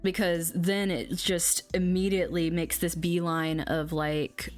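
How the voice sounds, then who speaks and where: A woman's voice: lowish voice, fairly even intonation, unhurried, few pauses, soft background music. A young woman hosting an astrology livestream, chatting bluntly and casually, swearing now and then. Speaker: astrology channel host.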